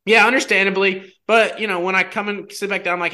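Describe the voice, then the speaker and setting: Bright-voiced young man telling a story. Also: sits high, a little fast. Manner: animated, heavy use of "like" fillers. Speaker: guest telling a personal story. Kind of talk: casual storytelling chat.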